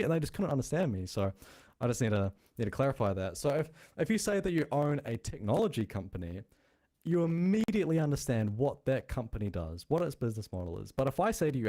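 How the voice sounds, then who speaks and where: A man's voice: mid-range voice, sing-song, a little fast, dark tone. A man hosting a crypto show, explaining in a blunt, chatty way with a noticeable non-American accent. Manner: blunt, chatty, thinking aloud. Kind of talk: casual explainer talk.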